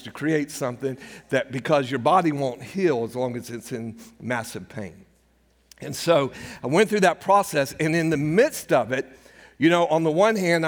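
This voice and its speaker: An older man preaching a sermon, telling a personal story in a conversational way and acting out the dialogue. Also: mid-range voice. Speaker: pastor. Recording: hall reverb.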